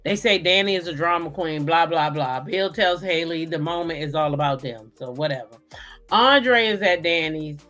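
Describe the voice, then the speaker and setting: Woman host, lowish voice, sassy soap recap chat, faint music under. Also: normal speed. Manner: sassy, animated storytelling with acted quotes.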